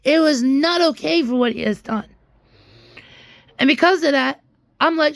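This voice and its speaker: A young woman talks straight to her viewers in a rambling storytime vlog, venting her frustration and tripping over restarts as she goes. Her voice sits fairly high. The sound is dry and close. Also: measured pace, vocal fry, no echo. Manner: frustrated, restarts and repeats words while venting. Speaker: vlogger.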